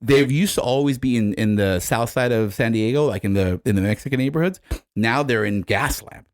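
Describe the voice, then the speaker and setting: A man telling a long, profane story on a podcast, restarting phrases and checking in with a constant "right?" His voice sits at an ordinary middle pitch. The sound is dry and close. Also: a little fast, no room sound. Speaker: podcast co-host. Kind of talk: casual storytelling chat.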